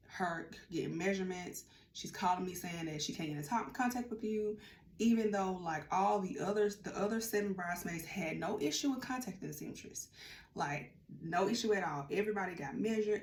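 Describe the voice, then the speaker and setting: A woman vlogger telling a casual storytime, chatty and animated, acting out what others said. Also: mid-range voice. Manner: chatty, animated, acts out quotes. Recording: roomy room with faint ambience.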